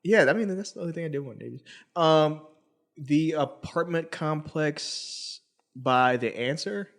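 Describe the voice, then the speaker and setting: A man's voice: on the high side, unhurried. A young adult man co-hosting a casual podcast chat, telling stories about his childhood and mimicking the voices of people in them. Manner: storytelling, quotes people in a raised voice. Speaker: podcast co-host.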